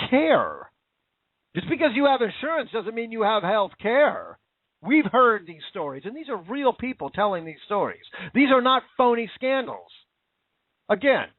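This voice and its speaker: A man's voice: high voice, dry recording. A man hosting a show, ranting in angry, sarcastic political commentary. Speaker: podcast host. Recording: tinny phone-like dry audio.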